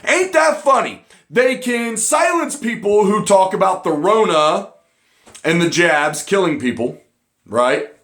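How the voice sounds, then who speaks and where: A man with a notably high voice rants through an online commentary. He is angry and profane, and his talk keeps bursting into shouts. The recording has a roomy echo. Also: lively intonation, slow.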